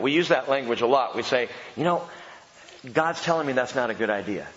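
A man preaching a sermon as pastor, animated and dramatic, acting out the voices he quotes. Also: mid-range voice, fairly quick. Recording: dull lo-fi sound, long hall reverb.

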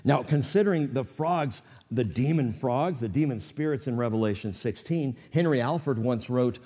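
A man's voice: medium pitch, animated, normal speed, few pauses, darkish tone, in a large hall. A man preaching a sermon as pastor to a church congregation, with dramatic swings in volume.

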